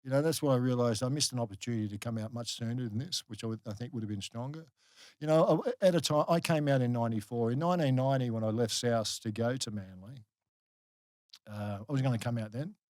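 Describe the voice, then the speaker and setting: A middle-aged Australian man, once a rugby league player, tells stories in a casual podcast interview at a quick pace. His medium-pitched voice is recorded cleanly in a studio with no room sound, and he's an animated storyteller full of fillers and restarts.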